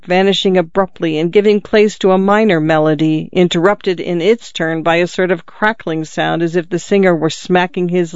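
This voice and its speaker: A narrator reading a classic story in a measured, descriptive way. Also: medium pitch, smooth, no echo, lo-fi sound. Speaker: audiobook narrator.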